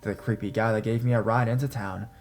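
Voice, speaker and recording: A young adult man narrating a horror story in a measured, tense manner. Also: lowish voice, steady tone, a little mellow. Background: faint guitar music.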